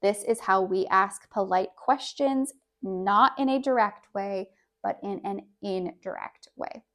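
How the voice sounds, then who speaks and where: English teacher, woman, patient and careful, repeats example phrases at an even middle pitch. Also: takes it slowly. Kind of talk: online English lesson.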